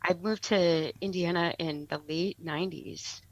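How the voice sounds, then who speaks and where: A woman's voice: fairly low pitch, fairly even intonation, unhurried, no room sound, muffled recording. A woman in her forties with a Boston accent, a podcast guest chatting casually with wry, self-deprecating humor. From Boston, USA. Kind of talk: casual chat.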